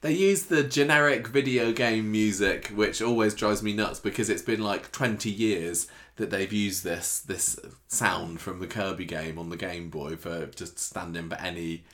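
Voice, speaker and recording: A man's voice: on the low side, fairly even intonation, a little slow, hardly any pauses, fairly bright tone. A man co-hosting a podcast, making wry, mildly exasperated asides in a casual chat. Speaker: podcast co-host.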